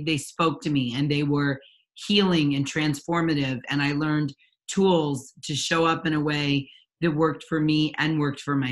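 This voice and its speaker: A woman's voice: low voice, fairly bright tone. A woman in her forties, a parent coach, telling her personal story in an interview, earnest and candid with frequent ums and restarts. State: near tears at times.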